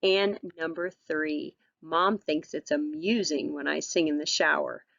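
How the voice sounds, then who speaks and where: A woman teacher walks students through a vocabulary lesson in a patient, encouraging way, dropping in ums and all-rights as she goes. Her voice sits on the lower side, and the recording sounds dull and lo-fi. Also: steady tone, a little slow, creaky, a bit bright, dry recording.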